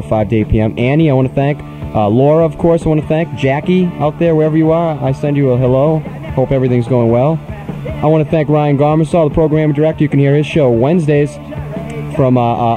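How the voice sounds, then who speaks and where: On a college radio show, a male host with a mid-range voice teases his guest in a sarcastic, mock-rude way. It's casual late-night banter captured on a studio microphone, though the recording sounds rough.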